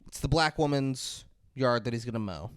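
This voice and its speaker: A man with a mid-range voice, a podcast co-host riffing in casual chat. He tells stories in a lively, swearing way, and the sound is dry and close. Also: mid-range voice, moderate pace, smooth, dry recording. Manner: animated, profane storytelling.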